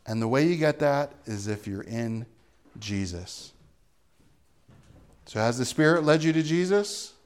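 A man preaching a sermon as pastor, earnest and emphatic, moving into a quiet closing prayer. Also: mid-range voice, lively intonation, measured pace, long pauses, smooth. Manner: earnest, rising to emphatic then hushed in prayer.

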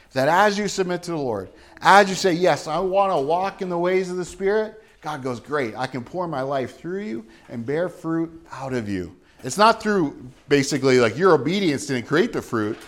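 A pastor with a slightly high voice delivers a morning sermon. He reads verses aloud and then unpacks them in plain, chatty language. He often turns to the congregation with direct questions. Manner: conversational preaching with questions to the congregation.

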